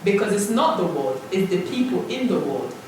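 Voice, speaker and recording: A woman's voice: mid-range voice, big pitch swings, a little fast. Earnest woman panelist, reflective, recorded from afar in a big echoey room. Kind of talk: casual panel discussion. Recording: echoey hall from far off, noise.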